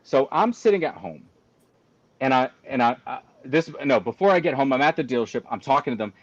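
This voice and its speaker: A man's voice: mid-range voice, lively intonation, fairly quick, dry recording, highs cut off. A man telling a story in a casual chat, ranting with exasperated exaggeration. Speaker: guest cigar company representative.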